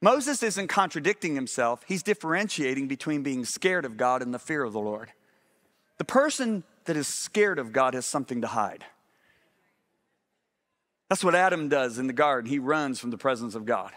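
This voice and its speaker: A man preaching a sermon to a congregation, telling stories with big exclamations and dropping low to drive points home. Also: normal speed. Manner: animated storytelling preacher, swings between loud exclamations and low intense emphasis. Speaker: pastor.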